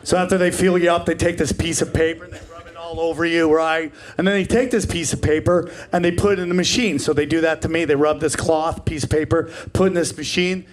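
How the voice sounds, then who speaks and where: A man's voice: on the high side, fairly even intonation, fairly quick, few pauses. A man in his forties performing a stand-up comedy set, brash and profane, riffing with the crowd. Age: 40s.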